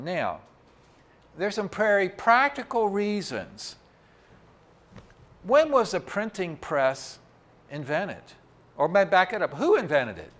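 A man with a somewhat raised pitch delivers a Sunday sermon into a microphone in a church sanctuary. His preaching is folksy and conversational. He often turns aside to talk straight to the congregation. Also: very animated, takes it slowly. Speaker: pastor.

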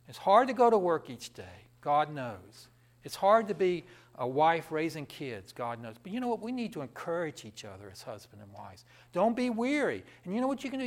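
Lively conversational male preacher. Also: high voice. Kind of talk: sermon.

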